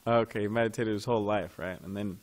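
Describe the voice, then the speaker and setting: A man with a slightly low voice leads a devotional scripture class in a temple. He talks loosely and conversationally, pausing to ask his listeners questions. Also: fairly even intonation.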